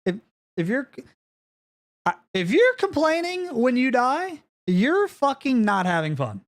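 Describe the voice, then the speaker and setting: A man streaming live and ranting with profanity, swinging between yelling and low grumbling, with frequent repeats and restarts. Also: huge pitch swings, unhurried. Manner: repeats phrases and stumbles over restarts.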